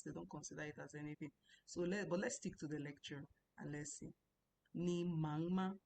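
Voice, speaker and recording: A woman with a fairly low voice teaches a language class, stopping often to repeat words slowly and clearly. She explains patiently, as if to beginners. A faint low rumble sits under the recording. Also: darkish tone. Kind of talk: recorded online lesson.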